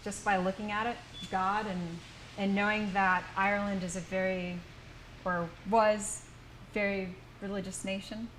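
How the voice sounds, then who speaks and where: An American woman leads a small indoor class, patiently walking her students through each sound and inviting them to repeat it. Her voice sits at a middle pitch, with a faint hum of noise in the room behind her. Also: little pitch movement, a little slow, a bit bright, poor audio. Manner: patient, explains sounds step by step. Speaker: language workshop teacher. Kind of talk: teaching a class.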